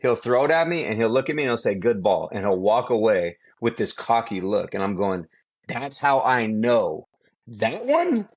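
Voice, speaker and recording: On a casual podcast, a middle-aged man who trains quarterbacks tells stories in a fairly low voice at a moderate pace. His delivery is animated and emphatic, and he repeats himself to drive points home.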